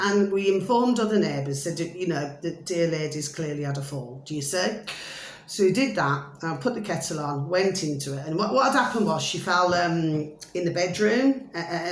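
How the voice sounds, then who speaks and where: A woman telling a long story to her viewers in a chatty, repetitive way, constantly checking that they follow along. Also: on the low side. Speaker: vlogger. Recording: roomy echo, faint ambience.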